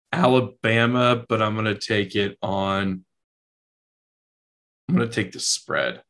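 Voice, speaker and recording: A man's voice: on the low side, a bit bright. A man co-hosting a casual podcast, chatting about football and tasting whiskey in a laid-back, loose way with plenty of fillers. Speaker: podcast co-host.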